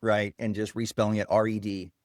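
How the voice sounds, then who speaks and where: A man guest, a software founder, explaining his product while demonstrating it on screen in a casual interview. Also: on the low side, little pitch movement, brisk, no echo, studio quality.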